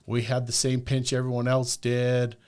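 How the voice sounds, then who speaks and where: A man's voice: medium pitch, monotone, moderate pace, a little mellow, clear, resonant tone. A man chatting casually as a podcast guest, telling a long personal story and peppering it with "like" and "right?". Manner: rambling, peppers talk with "like" and "right?".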